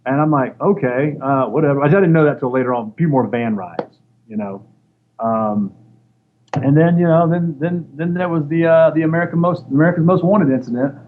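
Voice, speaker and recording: A man's slightly high voice moves fairly quickly as he, a former wrestler, tells casual stories as an interview guest. He plays out other people's quoted voices in an animated way. Dull lo-fi sound with faint noise marks the recording.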